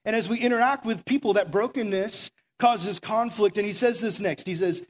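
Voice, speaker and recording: Young guy youth pastor, high voice, rambly chatty sermon with lots of "like". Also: normal speed, hardly any pauses. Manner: chatty storytelling, lots of "like" and "right?". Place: church meeting room.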